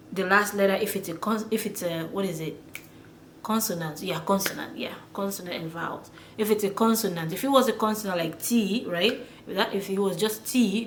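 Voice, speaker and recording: A woman teaching pronunciation in a casual lesson, chatty and repeating words slowly with many fillers. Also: mid-range voice. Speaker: language teacher. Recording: echoey room with faint noise.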